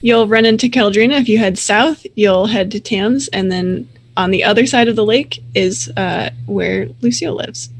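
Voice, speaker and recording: Woman calmly running a tabletop game. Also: medium pitch, normal speed, hardly any pauses, slight background noise. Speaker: game master.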